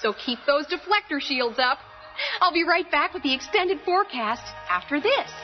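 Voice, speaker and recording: A woman's voice: sits high, expressive, normal speed. A woman playing a perky weather presenter in a spoof newscast, with a bubbly, chirpy delivery. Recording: dull lo-fi with faint music.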